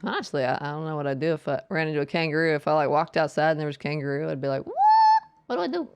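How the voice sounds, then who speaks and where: A woman with a Southeastern US drawl chats through a video game stream, her voice sitting low with a gravelly fry. She rambles and stumbles over fillers as she goes. Soft game music plays faintly behind her. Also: steady tone, very fast. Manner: rambling, chatty, trails off with stammered fillers. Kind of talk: casual chat while playing a video game.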